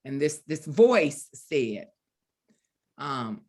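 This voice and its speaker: A woman in her fifties from the Deep South, telling a story as an author guest, acting out the dialogue and laughing often. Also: expressive, unhurried, fairly bright tone. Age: 50s. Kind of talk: storytelling in a virtual book event chat.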